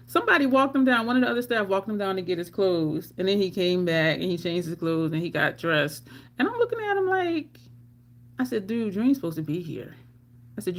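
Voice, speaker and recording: This middle-aged woman, a livestream storyteller, shares personal stories in a casual way with a mid-range voice. She's animated, laughs a lot, and performs her own lines as she goes.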